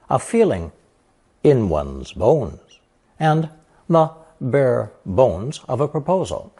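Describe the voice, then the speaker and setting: A man teaching a recorded language lesson, explaining word meanings slowly and clearly and reading example sentences aloud. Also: lowish voice, darkish tone.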